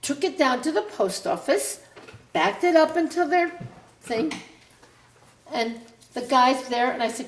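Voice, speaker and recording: In an echoey room, an older mother tells her adult child about the family's past in a high, animated, unhurried voice. It's a casual, rambling account full of sentences she abandons and starts over.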